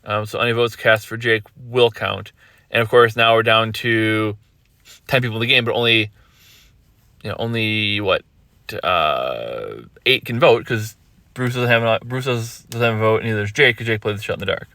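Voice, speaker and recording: Bright-voiced man rambling through a TV recap. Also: fairly low pitch, no room sound. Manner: rambling, self-correcting, retells scenes with quick quoted asides. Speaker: podcast host recapping reality TV. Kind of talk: casual recap commentary.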